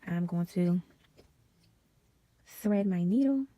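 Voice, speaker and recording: A woman hosting a casual sewing tutorial, chatty and drifting into quiet whispered asides as she works. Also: lowish voice, takes it slowly. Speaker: DIY sewing vlogger.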